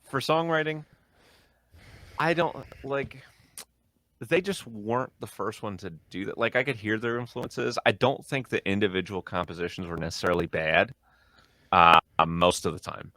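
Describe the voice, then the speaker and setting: A man's voice: lowish voice, normal speed, bright, forceful tone, no room sound. A man co-hosting a casual music review podcast, upbeat and chatty. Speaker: podcast co-host.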